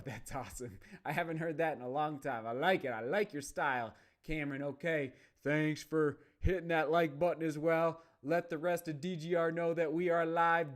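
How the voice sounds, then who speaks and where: An upbeat man in his thirties hosts a casual live stream, chatting and reading viewer comments aloud. His voice sits a little high for a man, and he talks with easy, friendly energy. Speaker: running channel host.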